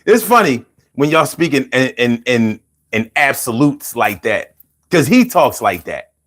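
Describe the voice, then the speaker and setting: A man hosting a casual call-in show, animated and playful, chanting lines rhythmically and chatting with viewers. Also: mid-range voice, a little slow. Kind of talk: casual livestream talk.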